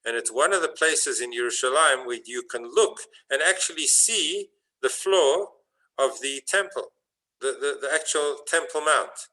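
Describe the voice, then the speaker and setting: Man, rabbi, sermon, bright tone, storytelling, swells to fervent peaks. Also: mid-range voice, unhurried, rough recording. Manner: storytelling, rising to fervent emphasis.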